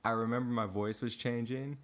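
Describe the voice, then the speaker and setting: A young man co-hosting a podcast, chatting casually, telling stories in an animated way and laughing often. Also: mid-range voice, a little fast, heavy background noise. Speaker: podcast co-host. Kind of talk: casual chat.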